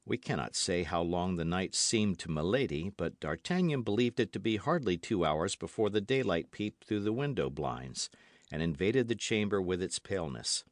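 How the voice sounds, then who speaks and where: Expressive male audiobook narrator. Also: low voice, moderate pace, dry recording, clean studio sound. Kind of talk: scripted narration.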